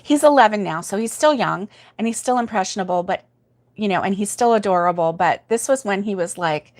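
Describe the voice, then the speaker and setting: A woman's voice: mid-range voice, lively intonation, fairly quick. An older woman hosts a casual livestream, telling a story in a chatty way, laughing often and reading viewer comments aloud. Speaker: host of a crochet livestream.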